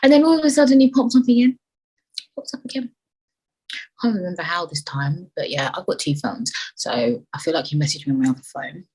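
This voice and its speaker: A woman's voice: lowish voice, expressive, a little fast, darkish tone, husky, rough recording. A woman hosting her own podcast, chatting casually, rambling off on tangents and swearing freely. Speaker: podcast host. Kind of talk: casual solo chat.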